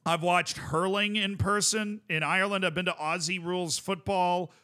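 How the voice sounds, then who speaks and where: A man's voice: high voice, fairly even intonation, moderate pace, bright, forceful tone, smooth. A male streamer chatting casually while reacting to clips, enthusiastic and rambling, full of fillers.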